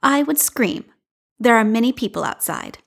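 A woman doing a proud little girl, high voice. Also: lively intonation, normal speed, vocal fry. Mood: defiant. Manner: offended dignity, plaintive. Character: proud young girl, small and spirited.

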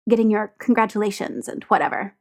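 A woman's voice: medium pitch, fast, natural voice. A woman reading aloud and voicing a grumpy, resentful young man who talks curtly. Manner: curt, sullen.

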